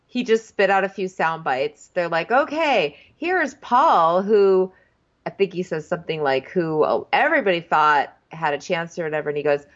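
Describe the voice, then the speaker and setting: A woman's voice: sits low, fairly quick, few pauses. Chatty woman, dull lo-fi recording. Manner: chatty storyteller, acts out quotes. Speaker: podcast co-host. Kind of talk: casual chat recapping a reality show. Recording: dull, lo-fi sound.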